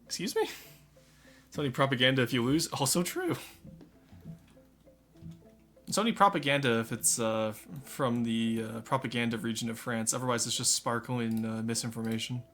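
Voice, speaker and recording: A man's voice: mid-range voice, steady tone, a little fast, hardly any pauses, a bit bright, soft background music. A man streaming a game live, chatting and joking with his viewers while he plays. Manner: chatty, joking, talks to chat. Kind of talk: casual live game commentary.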